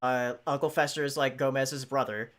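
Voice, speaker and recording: A man hosting a podcast in casual chat, talking hesitantly and filling pauses with "um" and "like". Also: medium pitch, steady tone, fairly bright tone. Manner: hesitant, many fillers. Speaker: podcast host.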